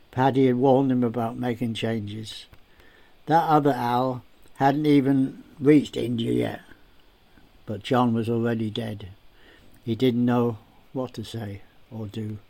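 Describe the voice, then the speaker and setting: A man narrating a story aloud in a steady, unhurried, plain way. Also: mid-range voice.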